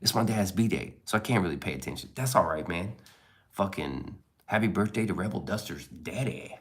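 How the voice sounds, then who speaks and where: Laid-back, low-voiced streamer man. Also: animated, normal speed. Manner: rambling, profane, laid-back. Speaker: live streamer reading chat. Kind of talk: casual chat.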